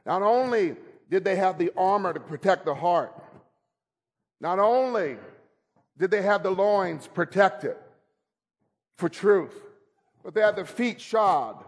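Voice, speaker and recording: A man with a notably high voice preaches a sermon in church. He tells humorous stories, teases his listeners directly and rises into loud shouts to drive his points home. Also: lively intonation, slow, pauses often. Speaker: pastor. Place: church service.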